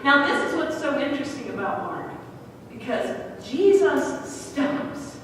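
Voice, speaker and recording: A woman pastor giving a sermon, telling a scripture story with lively acted-out bits. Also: high voice, a little slow, a little hiss or hum. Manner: lively storytelling, acting out the scene. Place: large church sanctuary. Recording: distant mic in echoey hall.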